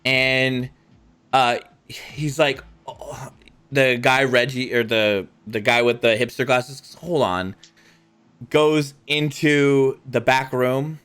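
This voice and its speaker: Male GM, unhurried, loose filler-heavy scene narration, medium pitch. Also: flat delivery, fairly bright tone, clean tone. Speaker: game master. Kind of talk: narrating a tabletop game.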